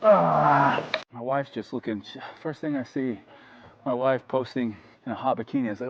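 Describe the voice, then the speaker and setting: A man's voice: mid-range voice, normal speed, creaky, dull audio, a crowd in the background. A man filming a casual workout vlog in a gym, joking around and pushing the viewer between sets, sometimes out of breath. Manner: joking, hypes the viewer while training. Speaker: fitness vlogger.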